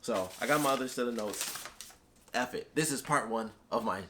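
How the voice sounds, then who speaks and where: A man's voice: medium pitch, normal speed, a bit bright, slight background noise. A man giving a casual, rambling spoken film review, enthusiastic and full of fillers. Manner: rambling and enthusiastic, heavy on "like" and "you know". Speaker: YouTube movie reviewer.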